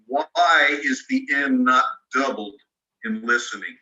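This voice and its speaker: In an online lesson, a man patiently breaks down spelling rules and spells words letter by letter. He speaks slowly at medium pitch with a sharp tone. The highs are cut off, and the distant video call mic gives a roomy sound.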